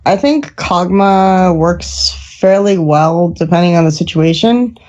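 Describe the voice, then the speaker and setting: A woman's voice: lowish voice, lively intonation, slow, a little mellow, highs cut off. A woman esports analyst on a panel, talking thoughtfully with hedges and restarts. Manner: thoughtful, hedging, many restarts. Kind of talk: casual panel discussion.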